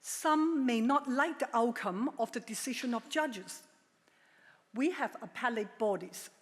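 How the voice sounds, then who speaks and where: A middle-aged woman giving a formal prepared speech at a legal ceremony, measured and emphatic with a touch of dry humor. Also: on the high side. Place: large ceremonial hall. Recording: long hall reverb.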